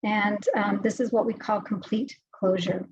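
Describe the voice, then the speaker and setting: A woman's voice: mid-range voice, fairly even intonation, a little slow, darkish tone, no room sound. Woman voice specialist for a health talk, explaining patiently, recorded dry over a video call. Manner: clear explanatory, patient-focused. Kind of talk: health webinar presentation. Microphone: video call microphone. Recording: dry, slightly dull audio.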